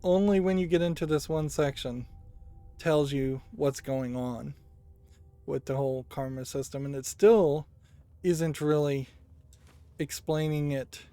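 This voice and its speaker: A man's voice: a little high, measured pace, mellow, clean tone, no room sound. A man casually commenting on a game he is playing, thinking aloud with musing hums. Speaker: let's play gamer.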